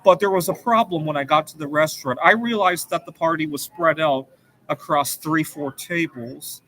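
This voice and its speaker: A man's voice: on the high side, moderate pace, bright, forceful tone, low-quality recording. A man hosting his own show, telling a personal story in a rambling, earnest casual monologue. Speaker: show host.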